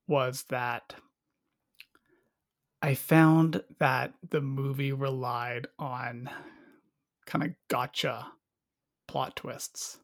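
A man's voice: mid-range voice, vocal fry, a bit bright. A man chatting casually about a movie, rambling and cutting himself off, acting out lines in quotes. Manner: rambling, self-interrupting, acts out quotes. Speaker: movie reviewer. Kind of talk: casual podcast chat.

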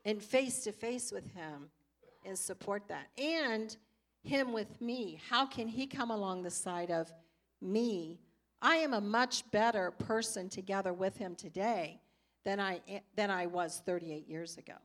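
An older woman, a pastor's wife, teaches in church through personal stories, acting out how she reacted in the past. She speaks with a medium pitch at a measured pace.

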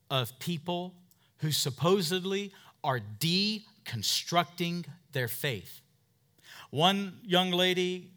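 A man in his thirties preaches to his congregation with a bright, forceful edge and a voice pitched somewhat high. He is emphatic, calling out for amens, dropping to near-murmurs before climbing back to loud, insistent declarations. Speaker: pastor. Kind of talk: sermon.

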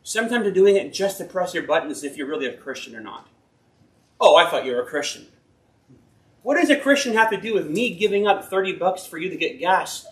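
High-voiced preacher in an echoey room. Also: male voice, animated, fast, hardly any pauses. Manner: folksy, earnest, rambling with self-corrections. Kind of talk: informal sermon with Bible reading and personal stories. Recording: roomy echo.

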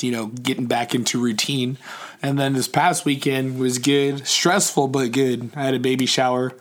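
Rambling young man, casual swearing. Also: mid-range voice. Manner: rambling, swears freely, many fillers and restarts. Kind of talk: casual personal vlog chat.

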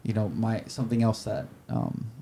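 Young man, warm low voice, earnest and heartfelt, halting, casual interview. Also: steady tone, vocal fry, a little hiss or hum. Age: 20s. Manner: halting, searching for words. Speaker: podcast guest.

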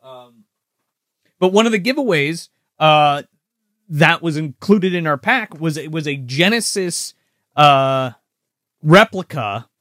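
A man's voice: on the high side, animated, slow pace, pauses often, fairly bright tone, no echo, studio quality. A man co-hosting a live-streamed podcast, chatting loosely with lots of swearing and restarts. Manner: loose, profane, rambling with restarts. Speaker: podcast co-host. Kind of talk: casual live-stream chat.

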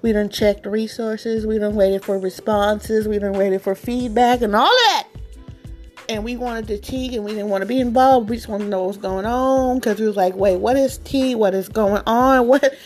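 A woman's voice: medium pitch, normal speed, a little mellow, faint music behind. A woman vlogging in a casual chat, dramatic and exasperated, repeating herself and laughing often as she talks. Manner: laughs often while talking.

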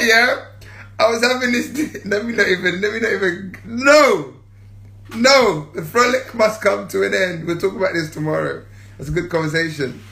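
Playful bright-voiced man on a livestream. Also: medium pitch, reverberant, a little hiss or hum. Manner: playful, laughs often, drawn-out shouted catchphrases. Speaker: livestream host. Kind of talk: casual livestream chat.

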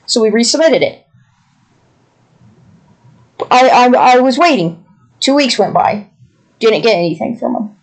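A woman's voice: fairly high pitch, a little slow, pauses often. Exasperated young woman telling a story. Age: young adult. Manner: exasperated, animated retelling with mimicked quotes. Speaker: podcast co-host. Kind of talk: casual storytelling chat.

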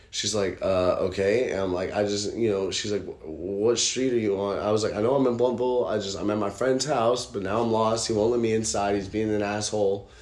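A man hosting a podcast, telling stories in a rambling, profane, casual way that gets animated. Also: fairly low pitch, reverberant. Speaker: podcast host. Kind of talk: casual storytelling chat.

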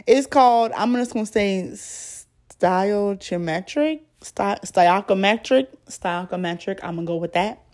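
Woman podcaster, lower voice, casual storytelling with asides. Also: a little mellow. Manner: chatty, stumbles over words and adds asides.

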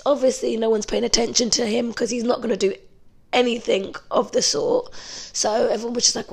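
A young woman from telling a story to camera in a chatty, animated way, with some swearing. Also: on the high side, normal speed, creaky. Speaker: vlogger. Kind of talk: casual storytime.

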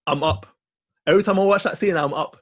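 A man co-hosting a podcast, chatting casually and rambling through an animated story with lots of fillers. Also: sits high, fast, dry recording. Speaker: podcast co-host. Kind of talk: casual film chat.

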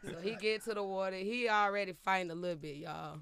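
A woman's voice: mid-range voice, quick pace, fairly bright tone. A woman telling a comic story, laughing often and acting out the quotes in shifting voices. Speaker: storyteller guest.

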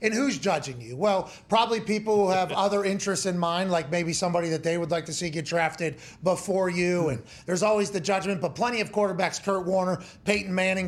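A man hosting a sports talk show, asking long, rambling, energetic questions. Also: sits high. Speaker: host.

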